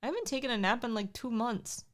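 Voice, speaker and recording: A woman's voice: on the high side, lively intonation, quick pace. A woman in her thirties co-hosting a livestream, chatting casually and defending herself with a laugh. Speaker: livestream co-host. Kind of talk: casual chat.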